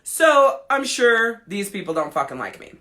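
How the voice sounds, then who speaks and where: A woman's voice: fairly high pitch, sing-song, normal speed, bright, forceful tone. Blunt, profane woman telling stories. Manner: blunt and profane, frank confessional storytelling. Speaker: podcast host and life coach. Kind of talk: casual storytelling.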